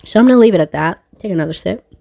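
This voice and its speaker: A woman with a lowish voice muses aloud in a loose spiritual monologue as a tarot reader. She rambles, swears freely and laughs at her own thoughts. The sound is dry and close. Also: lively intonation, rapid-fire, creaky, dark tone, no echo. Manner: rambling, profane, laughs often.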